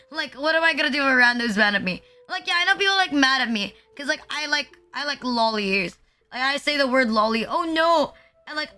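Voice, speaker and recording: A young woman, her voice high and bright, chatting on a live stream. She rambles and puts herself down, piling "like" into almost every phrase, while faint music plays behind her. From Philippines. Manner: rambling, filler-heavy, self-deprecating. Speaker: VTuber streamer. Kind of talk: casual live-stream chat.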